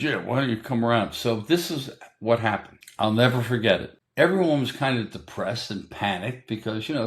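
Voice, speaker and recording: An older man, a guest in an interview, telling a story in a casual, animated way and acting out what other people said. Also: mid-range voice, a little hiss or hum.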